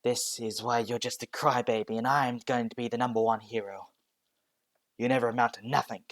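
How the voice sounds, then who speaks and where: A man voicing a cruel, arrogant bully boy who talks fast and scornfully. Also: mid-range voice, fairly even intonation, dry recording, clean studio sound, lightly acted.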